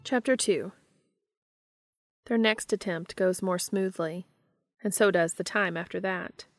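A woman reads a romantic story aloud, her voice low and gravelly. She keeps the delivery soft and intimate, slipping into a hush for the dialogue. The recording is dry and close, with no room sound. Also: dry recording. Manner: soft, intimate reading with hushed, unvoiced dialogue. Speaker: fanfiction podcast reader. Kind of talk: narrated reading of fan fiction.

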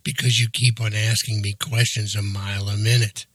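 A man's voice: fairly low pitch, little pitch movement, normal speed, fairly bright tone, breathy edge, dry recording. A man voicing a crude, impatient young man in a story, grumbling and swearing as he talks.

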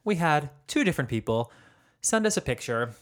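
A man's voice: a little high, very animated, moderate pace. A man co-hosting a podcast, chatting casually and laughing often as he reads listener messages. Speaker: podcast co-host. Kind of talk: casual chat.

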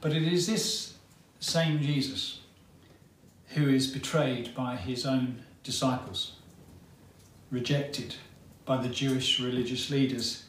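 Slow, dramatic male preacher in echoey hall. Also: medium pitch, steady tone, a bit bright. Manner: dramatic storytelling with long pauses. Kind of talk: sermon. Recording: roomy hall, mic at a distance, faint ambience.

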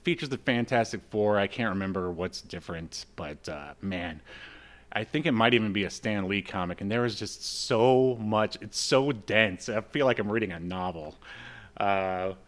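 A man co-hosting a podcast, recapping a comic in a relaxed, chuckling way and reading out the lines in the panels. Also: lowish voice, normal speed. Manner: laid-back, chuckling, reads out panel lines. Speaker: podcast co-host. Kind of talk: casual chat recapping a comic.

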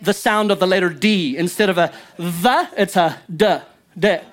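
A man's voice: sits high, moderate pace, fairly bright tone. A male pastor preaching a sermon in church, emphatic and joking with his congregation.

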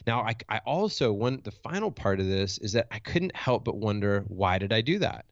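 Here a coach and motivational speaker, his voice fairly low and sing-song, moves at a moderate pace through a personal story. He reflects candidly, thinks aloud with restarts, and asks "right?" repeatedly. The audio is dull, with no room sound.

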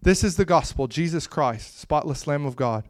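A man preaching a sermon with impassioned delivery that swells to loud, emphatic peaks and drops to soft, hushed lines. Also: a little high, lively intonation, moderate pace, dry recording, clean studio sound.

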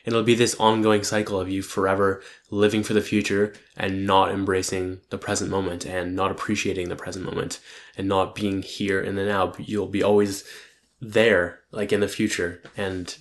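A young man with a fairly low voice reflects out loud on his week of making content. He rambles and criticizes himself, often swearing and falling back on filler words. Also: flat delivery, moderate pace. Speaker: content creator. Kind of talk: casual weekly self-reflection monologue.

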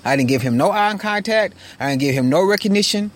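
A man with a slightly raised voice tells a personal story in a loose, casual monologue. His delivery is frank and animated, and he swears freely. He is recording from inside a car. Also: high-pitched, a little fast. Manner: frank, profane, animated retelling. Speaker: podcast host.

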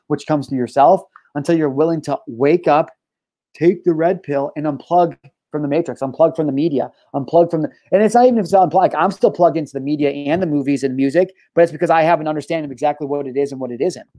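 A man's voice: on the high side, quick pace, warm tone, no echo. A man hosting his own podcast, ranting in a heated, profane way and hammering his points through repetition. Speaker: podcast host.

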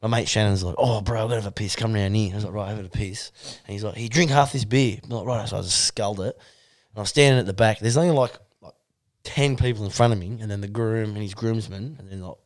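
A man's voice: on the low side, fast talker. A young Australian man in casual chat, telling a story animatedly and swearing often.

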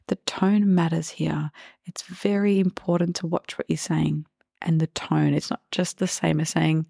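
A woman parenting coach giving calm, reassuring podcast advice and acting out example phrases for parents. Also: fairly low pitch, moderate pace, vocal fry, no echo, clean studio sound.

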